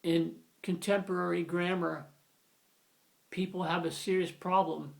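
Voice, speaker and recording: A man teaches an informal grammar lesson, rambling conversationally and often correcting himself as he explains. His voice is high-pitched and creaky, with a level tone and measured pace.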